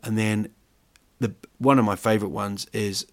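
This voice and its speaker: Male podcast host, lowish voice, loose jokey rambling delivery. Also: steady tone, normal speed. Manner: chatty, jokey, rambling with fillers. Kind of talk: casual monologue.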